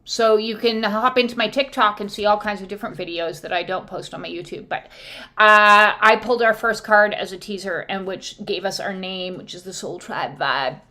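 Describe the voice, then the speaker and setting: A woman with a mid-range, pushed, bright voice talks at normal speed while reading oracle cards for her viewers. Her casual spiritual chat to camera rambles with plenty of fillers, and she sometimes squeals out quoted voices.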